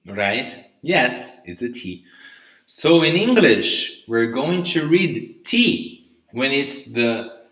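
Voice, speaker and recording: A male English teacher speaks with great slowness in a bright, forceful voice, drilling each word's pronunciation and checking in with "okay?" and "right?". The sound is roomy, with a clear echo around him. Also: fairly high pitch. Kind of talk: live online vocabulary lesson.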